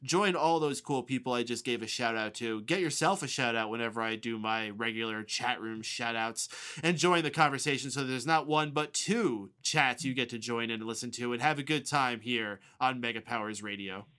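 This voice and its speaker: A man hosts a live call-in show with a bright, forceful tone. His voice is smooth and resonant. He reads out listener messages and greets callers in an upbeat way. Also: medium pitch, normal speed, few pauses. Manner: upbeat, reads listener comments and shout-outs. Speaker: podcast host.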